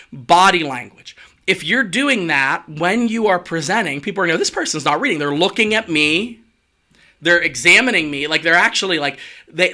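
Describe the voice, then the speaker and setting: A man coaching on public speaking in an energetic, conversational way, with quick asides and restarts. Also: high voice. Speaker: executive communication coach. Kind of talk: casual spoken coaching talk.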